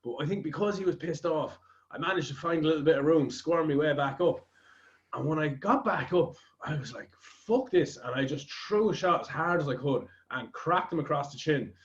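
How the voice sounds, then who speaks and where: A man's voice: on the high side, a little fast, lo-fi sound. A man with an Irish accent hosting a podcast, telling a rambling anecdote in casual chat and swearing freely. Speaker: podcast host.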